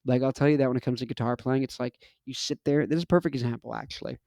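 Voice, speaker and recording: Young guy host ranting hard, lots of repeats, mellow gravelly voice, dry sound. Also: mid-range voice, fairly even intonation, racing, no room sound. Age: 20s. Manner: emphatic, repetitive and punchy. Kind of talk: casual monologue.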